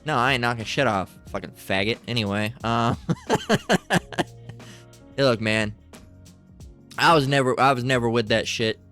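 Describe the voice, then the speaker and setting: A man's voice: mid-range voice, fairly even intonation, normal speed, pauses often, pushed and bright, faint music behind. A middle-aged man in a crude, profane, rambling commentary, reading text aloud and asking "right?" a lot. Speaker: channel host.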